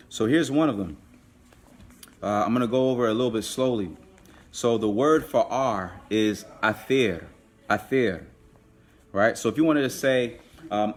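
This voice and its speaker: A man teaching a live online language class, patiently repeating phrases slowly. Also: medium pitch, a little hiss or hum.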